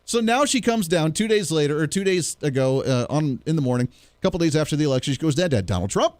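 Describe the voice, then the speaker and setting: A man hosting his own show, telling stories in a casual, animated way and acting out the voices of others. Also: on the high side, fast talker, smooth, dry recording. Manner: animated storyteller, acts out quoted voices. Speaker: podcast host. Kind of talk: casual monologue.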